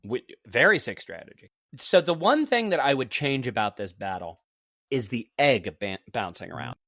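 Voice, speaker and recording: A man co-hosting a podcast, chatting casually with thoughtful, lively commentary. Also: medium pitch, moderate pace, gravelly, no echo, clean studio sound. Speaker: podcast co-host. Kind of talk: casual chat.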